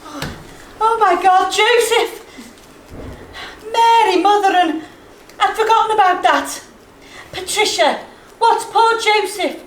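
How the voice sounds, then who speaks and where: A woman's voice: very high-pitched, takes it slowly, long pauses. A woman playing a flustered Liverpool mum. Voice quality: fussy, exclaiming. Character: fussy devout Liverpool mother, flustered. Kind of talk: stage play acting. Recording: echoey stage with faint noise.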